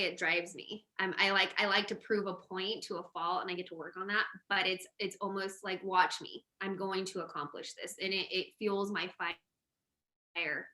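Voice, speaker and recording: A woman hosting a podcast, telling a story in a casual, animated way and laughing often. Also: lowish voice. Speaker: podcast host. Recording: roomy echo.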